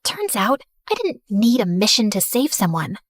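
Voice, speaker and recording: Expressive woman narrating a story. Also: medium pitch, normal speed, no room sound, studio quality. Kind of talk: scripted first-person story narration.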